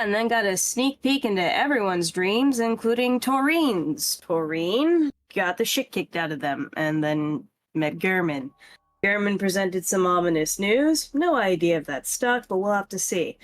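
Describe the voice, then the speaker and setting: A woman running a tabletop game over voice chat, recapping the last session in a casual, quick way with many fillers. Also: mid-range voice, dry recording. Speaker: game master.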